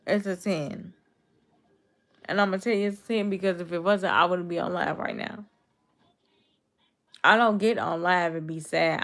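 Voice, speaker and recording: A woman in her twenties with a Chicago accent, chatting casually on a livestream and answering her viewers' comments. Her voice is naturally low and gravelly, the kind viewers take for a cold. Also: a bit bright. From Chicago, USA. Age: 20s. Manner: talks straight to her chat, reading and answering comments.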